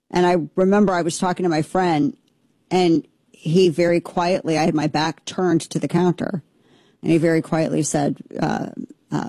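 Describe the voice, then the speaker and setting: A woman's voice: lowish voice, warm tone, no room sound. A woman hosting a show, giving opinionated commentary in an impassioned, emphatic way that rambles with restarts.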